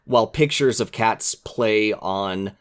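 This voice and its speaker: Podcast guest, man, lowish voice, eager and earnest. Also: slow, clear, resonant tone. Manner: earnest, enthusiastic, acts out quoted lines. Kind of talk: casual chat.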